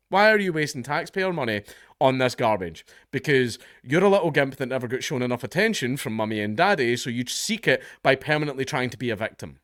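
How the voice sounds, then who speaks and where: A man's voice: mid-range voice, expressive, a little fast, fairly bright tone, no room sound, clean studio sound. Sweary Scottish man ranting dryly. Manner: profane, mocking, sarcastic rant. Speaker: online commentator. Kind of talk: ranting commentary.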